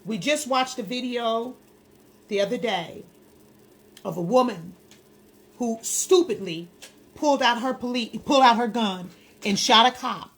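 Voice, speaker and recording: A woman's voice: fairly high pitch, measured pace, long pauses. A woman hosting a commentary video who offers counseling, talking to viewers in a blunt, impassioned, lecturing way. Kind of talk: direct-to-camera commentary.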